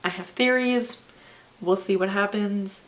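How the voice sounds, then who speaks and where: A sleepy, worn-out young woman with a mid-range voice chats unhurriedly in her book vlog, with slight background noise behind her. She rambles, fills her talk with "like," and laughs a lot.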